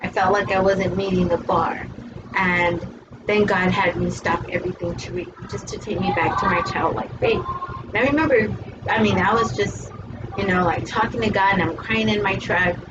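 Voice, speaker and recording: A woman shares her faith story in a casual, heartfelt way, leaning on "you know" and "like" as she goes. She sounds set back from the mic, and the sound is dull and muffled. A steady noise runs underneath her voice. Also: mid-range voice, normal speed. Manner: emotional, storytelling, many fillers like "you know" and "like". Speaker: host. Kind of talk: casual faith talk, personal testimony. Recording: distant, muffled, noisy.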